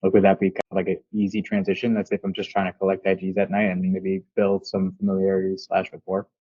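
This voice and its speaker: A man's voice: low voice, monotone, fast, dark tone, slightly rough, no room sound, highs cut off. A man in a casual chat, asking hesitant, rambling questions full of fillers.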